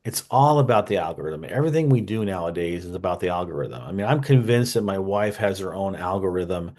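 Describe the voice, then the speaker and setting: A man's voice: deep voice, expressive, a little fast, a little mellow. A man hosting a history channel, talking casually and unscripted, full of fillers, asides and wry jokes. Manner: rambling, conversational, many fillers and asides.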